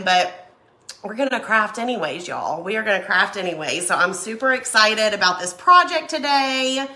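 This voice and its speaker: A woman, hoarse from a cold, chatting casually while hosting a live craft stream and greeting viewers by name. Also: mid-range voice, pushed and bright. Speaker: craft livestream host.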